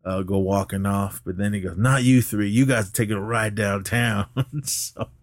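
A man co-hosting a podcast, recapping a film in a casual, animated way and often laughing while he talks. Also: moderate pace, dry recording, studio quality. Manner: animated retelling, jumps up in pitch when quoting characters. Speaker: podcast co-host.

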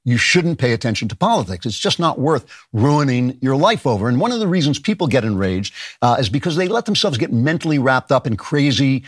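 A man's voice: mid-range voice, brisk, no room sound, studio quality. A man hosting a comic political monologue, sardonic and mocking, who laughs at his own jokes. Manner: animated, shouts mock voices of others. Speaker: political commentator and show host.

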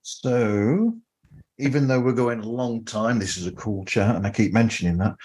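Husky-voiced podcast host man in his fifties. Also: fairly low pitch, moderate pace, a little mellow. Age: 50s. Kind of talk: casual podcast chat.

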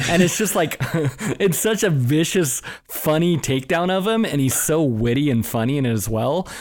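A man co-hosting a casual film discussion, lively, acting out quoted dialogue and laughing often. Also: fairly high pitch, moderate pace. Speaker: film podcast co-host.

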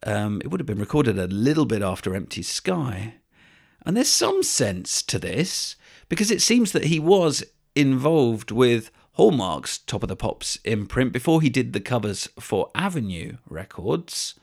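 A man hosting a podcast, presenting scripted narration in a measured, even-handed way. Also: mid-range voice, gravelly. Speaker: podcast host.

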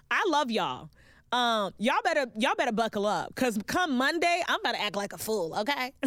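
A woman's voice: mid-range voice, a bit bright, no echo, studio quality. A woman hosting her own podcast, chatting playfully with listeners and calling them babes and y'all. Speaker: podcast host. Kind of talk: casual solo podcast chat.

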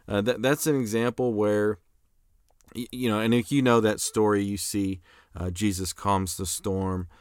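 A man's voice: on the low side, steady tone, unhurried, clear, resonant tone, no echo, clean studio sound. A young man giving a conversational lecture, reading scripture aloud, with frequent fillers and restarts. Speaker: apologetics lecturer. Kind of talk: casual recorded lecture.

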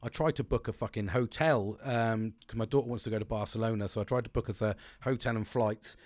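A man's voice: lowish voice, steady tone, a little fast, darkish tone, dry recording, clean studio sound. A middle-aged man in a blunt, sweary, rambling monologue who often restarts his sentences.

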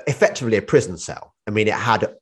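A man hosts a casual interview, winding through long questions and anecdotes. His voice is on the lower side, but it moves up and down with lively, animated swings in pitch. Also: fast talker, husky.

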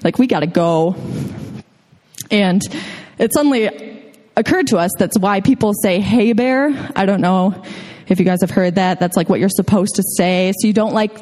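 A woman's voice: mid-range voice, moderate pace, darkish tone. A woman telling a personal story on stage in a casual way, full of "like" and "um". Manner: casual, filler-heavy, lots of "like".

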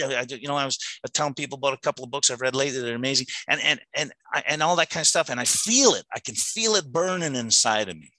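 A man's voice: mid-range voice, sharp tone, dry recording, poor audio. A middle-aged man giving an earnest, emotional personal testimony to a recovery meeting, often repeating words as he restarts his sentences.

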